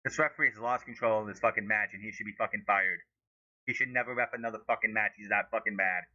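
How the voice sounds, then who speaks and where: A man giving live fan commentary during a watch-along, ranting profanely with sudden high-pitched outbursts at the referee. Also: fairly even intonation, fast, pushed and bright, no room sound, highs cut off.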